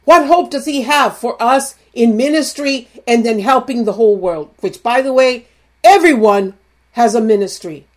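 Emphatic woman preacher, fairly high voice. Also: moderate pace. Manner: emphatic, punctuates points with 'Amen?'; animated, acts out quoted voices. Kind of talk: sermon.

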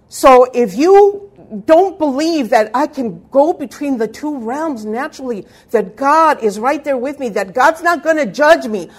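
Fairly high-voiced woman preaching, fervent sermon, tells stories with quoted lines. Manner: fervent preaching, calls for amens; storytelling with quoted dialogue.

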